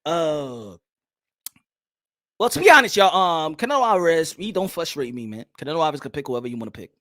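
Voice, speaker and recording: A man's voice: fairly high pitch, a little fast, no room sound, studio quality. A man hosting a boxing talk show, chatting casually with livestream viewers in loose slang. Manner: animated, laughing, slangy.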